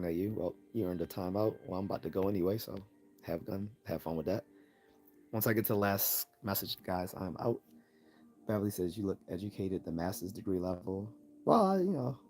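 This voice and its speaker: A man hosting a casual live-stream Q&A, reading chat messages aloud and answering them in a relaxed way, laughing often and repeating words as he starts, while losing his voice. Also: sits low.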